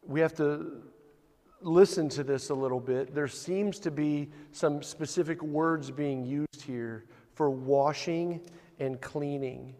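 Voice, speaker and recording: A man's voice: a little high, takes it slowly, a little mellow, big-room sound. A man preaching a sermon as a pastor, telling the story vividly and building to emphatic points.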